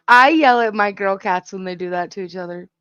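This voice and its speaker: A woman's voice: medium pitch, expressive, moderate pace, fairly bright tone, clean tone, dry recording, lo-fi sound. A woman hosting a casual livestream, chatting and often laughing. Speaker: livestream host. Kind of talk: casual chat.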